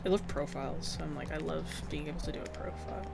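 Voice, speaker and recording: A woman's voice: sits low, quick pace, creaky, loud music behind the voice. A young woman chatting casually while she draws requests, laid-back, giggly and swearing casually. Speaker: artist streamer drawing requests. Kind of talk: casual chat while drawing.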